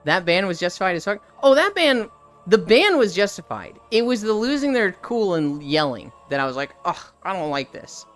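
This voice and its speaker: Brief: woman streamer, animated and profane storytelling, expressive pitch, soft music behind. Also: normal speed. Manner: animated, profane anecdote-telling. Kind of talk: casual storytelling on a live stream.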